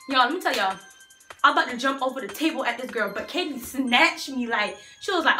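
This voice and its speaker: A young woman vlogger telling a storytime tale in an animated, slangy way, talking straight to her viewers. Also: high voice, quick pace, reverberant, faint music behind. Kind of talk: storytime vlog.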